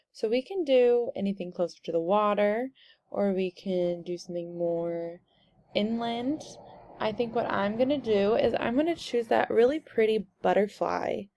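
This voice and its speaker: A young woman walking through a software tutorial step by step in a casual, explaining way. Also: mid-range voice, no echo. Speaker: instructor.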